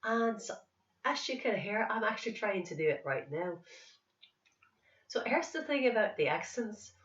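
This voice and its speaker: A woman's voice: mid-range voice, lively intonation, moderate pace, a bit bright, natural voice. A woman doing a thick, sing-songy attempted Northern Irish accent in a playful way. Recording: echoey room, distant mic, dull sound.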